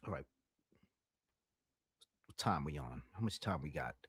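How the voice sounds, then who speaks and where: A man's voice: a bass voice, expressive, measured pace, slightly rough, no room sound, studio quality. A man doing casual live-stream reaction commentary, loose and profane, often mimicking the voices in the clips he plays.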